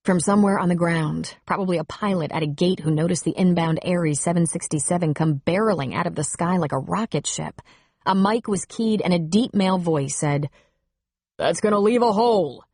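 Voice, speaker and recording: A woman narrating an audiobook in a steady, wry storytelling manner on a close studio mic. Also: lowish voice, fairly quick, breathy edge, no echo.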